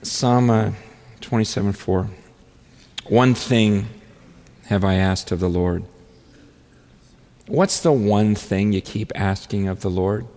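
A man preaching a sermon in an earnest, halting way, with many restarts, often rising into fervent, pleading prayer. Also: fairly low pitch, darkish tone. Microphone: handheld or stand mic on stage. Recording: long hall reverb.

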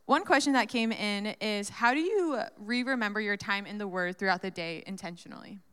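A woman's voice: medium pitch, fairly quick, fairly bright tone, clear, resonant tone. A woman interviewing a guest in casual, enthusiastic chat, with many "like"s. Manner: enthusiastic, lots of "like". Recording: long hall reverb.

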